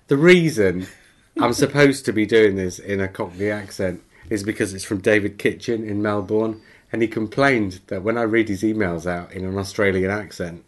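Low-voiced man reading mail on a podcast. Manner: chatty, laughs easily, dry self-mocking asides. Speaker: podcast host. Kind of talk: casual podcast chat, reading a listener email aloud.

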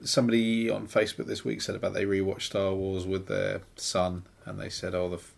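A podcast co-host from London chatting casually and cutting in with quick jokes. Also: male voice, low-pitched, completely flat delivery, creaky. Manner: quick joking interjections.

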